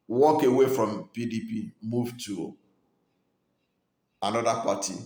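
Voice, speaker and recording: An earnest man from Nigeria delivers political commentary in a mid-pitched voice. He argues his point steadily, often pausing on fillers and restarting phrases, and the recording sits in a noticeably echoey room.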